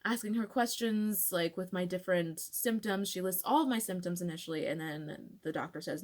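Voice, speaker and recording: A young woman recounts a personal story straight into her phone. She talks in a loose, chatty way, full of fillers, and slips into a hushed whisper when she relives the hardest moments. Her pitch sits in an ordinary middle range. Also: moderate pace. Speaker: vlogger.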